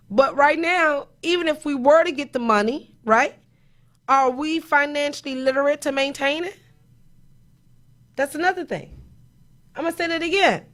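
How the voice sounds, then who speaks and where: Woman, high voice, emphatic, rhetorical questions, live-stream host. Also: fairly bright tone. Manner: emphatic, preachy, repeats points, rhetorical questions. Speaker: host, accountant.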